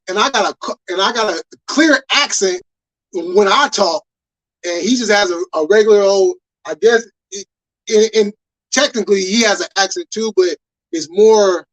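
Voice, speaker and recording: A man's voice: sits high, a bit bright, dry recording. A man hosting a livestream, chatting with viewers in a loose, rambling way full of cursing. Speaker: livestream host. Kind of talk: casual livestream chat.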